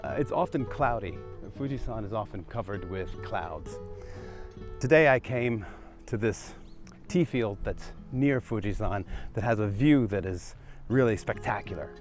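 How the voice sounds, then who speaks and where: Speaking a little slowly in a lowish voice, a man from the United States narrates a casual walking vlog. He muses aloud in a relaxed way, showing the camera around rural streets and tea fields as background music plays.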